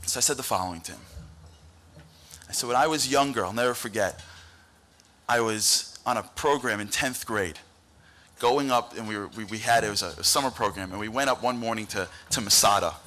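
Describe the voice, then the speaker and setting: A man giving an animated storytelling speech at a dinner event, acting out the people he quotes. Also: on the low side, brisk. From United States. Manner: animated, acts out quoted voices. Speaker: dinner speaker. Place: banquet hall event.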